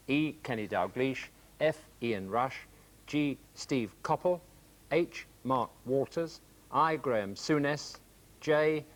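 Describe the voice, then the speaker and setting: A man presenting a televised football highlights show in a clear, measured, scripted style. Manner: clear, measured announcer delivery.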